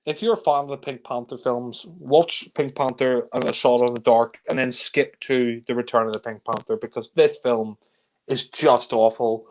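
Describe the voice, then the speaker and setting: A man's voice: mid-range voice, fairly even intonation, normal speed, a little mellow. A young man ranting in exasperation about a film he hates, swearing often in a casual review chat.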